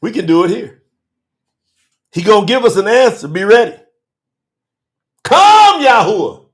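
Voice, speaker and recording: A man preaching a live-streamed sermon, fervent and casual by turns, breaking into shouts as he reads scripture to his viewers. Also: sits high, expressive, fairly quick. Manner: casual colloquial talk to viewers.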